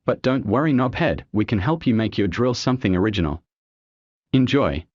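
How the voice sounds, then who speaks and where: A man's voice: fairly low pitch, lively intonation, a little fast, a little mellow, no room sound, highs cut off. A man reading scripted commentary, sneering and heaping crude insults on his target. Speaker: commentary narrator. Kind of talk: scripted mocking voice-over commentary.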